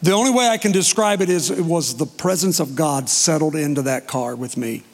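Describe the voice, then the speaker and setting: A man preaching from a platform, his voice sitting high for a man. He shares his testimony with emotion and drawn-out pauses, and the sound rings out with a long reverb from a large church hall. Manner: emotional storytelling with dramatic pauses. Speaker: pastor. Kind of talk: testimony sermon. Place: church sanctuary.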